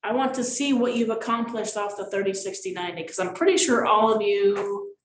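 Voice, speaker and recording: A woman leading a group coaching session, animated and acting out gestures and little voices as she explains. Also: mid-range voice, a little fast. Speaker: sales coach. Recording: echoey room, mic far off, faint noise.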